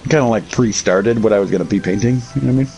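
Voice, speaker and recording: A low-voiced man chats casually and loosely while painting miniatures on stream, swearing freely as his stories wander. Faint music plays behind him. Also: racing, gravelly, dark tone, rough recording. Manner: profane, rambling storytelling.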